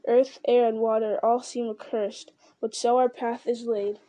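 A woman's voice: on the high side, level tone, unhurried, warm tone, dry recording, natural voice. Frodo: a woman reading a grave, weary hobbit. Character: weary, earnest male hobbit leader.

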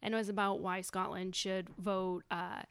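A woman's voice: medium pitch, normal speed, clear, resonant tone, dry recording. A woman with a Boston accent telling a story casually as a podcast guest, with lots of fillers. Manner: animated storyteller, many fillers.

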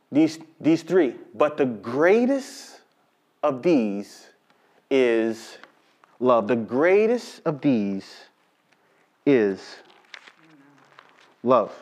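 A man preaching a sermon, reading scripture slowly and telling lively stories with call-and-response. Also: mid-range voice. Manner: animated storytelling with call-and-response to the congregation; slow, drawn-out emphasis on scripture. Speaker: pastor.

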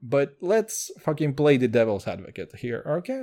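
A man rambling through a solo podcast in a slightly high voice that leaps all over the place. He is profane, jokey and self-mocking, and his loudness swings between bursts and mutters. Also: moderate pace. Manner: animated, swings between loud and quiet. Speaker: podcast host.

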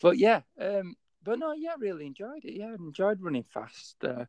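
A man's voice: sits high, huge pitch swings, moderate pace, a little mellow, no echo. A man with a Yorkshire accent co-hosting a casual podcast, rambling and hesitant with many fillers. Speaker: podcast co-host.

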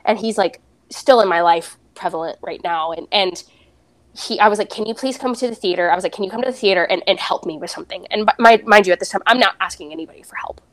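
A woman's voice: mid-range voice, fast. A young adult woman, a podcast guest, candidly retelling a personal story and acting out the dialogue.

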